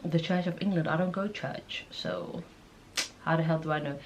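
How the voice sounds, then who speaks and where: A woman's voice: low-pitched, moderate pace, dull audio, a little hiss or hum. Chatty, incredulous woman vlogger. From Netherlands. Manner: chatty and incredulous, thinks aloud and reads questions out. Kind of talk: casual chat while taking an online quiz.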